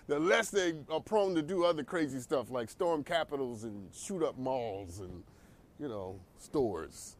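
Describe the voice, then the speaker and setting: A man hosting a talk show, riffing in a casual comedic monologue with preachy asides. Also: high-pitched. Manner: animated, preachy riffs with laughs and asides.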